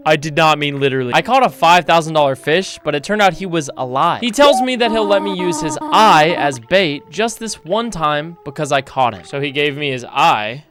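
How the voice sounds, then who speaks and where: A young man commentating and narrating a horror game, excitable and slangy, swearing often. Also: a little high, normal speed, few pauses, soft background music. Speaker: gaming YouTuber.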